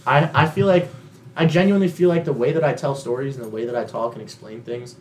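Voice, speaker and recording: A young man co-hosting a podcast, rambling and animated, packed with fillers and swearing. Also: medium pitch, fast talker, slight background noise. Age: young adult. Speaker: podcast co-host. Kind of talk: casual chat.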